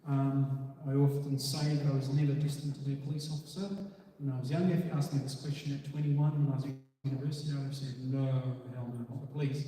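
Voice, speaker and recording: A man's voice: medium pitch, level tone, fast talker, mellow. A man, a police officer giving an earnest, filler-heavy community talk. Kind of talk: community presentation. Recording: echoey hall from far off.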